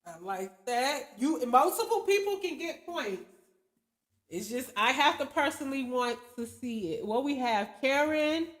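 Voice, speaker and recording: A woman with a high, bright-sitting voice hosts a casual livestream, talking to viewers at an easy, unhurried pace. Her speech is loose and slangy, she chuckles often, and she spells out viewer names letter by letter as she reads comments. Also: lively intonation. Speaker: livestream host.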